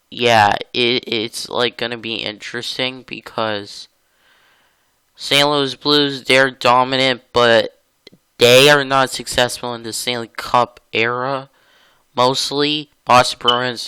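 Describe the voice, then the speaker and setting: Bright, crisp-voiced male gameplay commentator. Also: mid-range voice, no room sound. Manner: rambling and chatty, with sudden excited outbursts. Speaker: gaming channel host.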